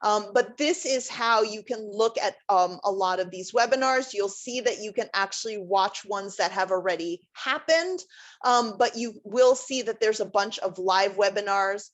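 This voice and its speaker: A woman's voice: mid-range voice, normal speed. A woman career center director giving a workshop presentation in a conversational, explanatory way, with frequent um fillers.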